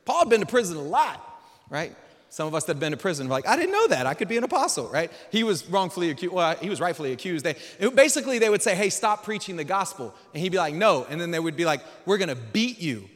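Man, pastor, sermon, high-pitched, bright, loud bursts and hushed stretches, reverberant hall. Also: sing-song, fast. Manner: swings from loud preaching to quiet, low musing. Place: large church hall.

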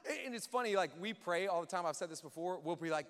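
A man preaching a sermon in a lively, conversational way, acting out quotes and joking with the church. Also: high-pitched, moderate pace. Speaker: pastor. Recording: reverberant hall.

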